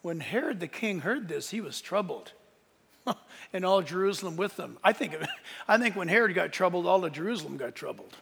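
A man preaching a sermon in a conversational way, with asides to the congregation and shouted peaks of emphasis. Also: high voice, lively intonation, normal speed, gravelly, breathy edge, big-room sound. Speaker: pastor.

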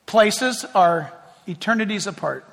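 Pastor, male, high and sharp voice, lively conversational sermon, hall reverb. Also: unhurried, gravelly. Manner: lively, conversational preaching with asides and acted-out scenes. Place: church sanctuary before a congregation. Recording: long reverb of a large hall.

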